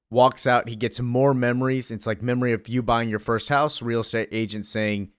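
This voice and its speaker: Excited man gushing over a comic. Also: mid-range voice, moderate pace, few pauses, clear, resonant tone, no room sound, studio quality. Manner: excited, gushing, uses lots of fillers. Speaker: comic book reviewer. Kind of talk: casual enthusiastic comic recap.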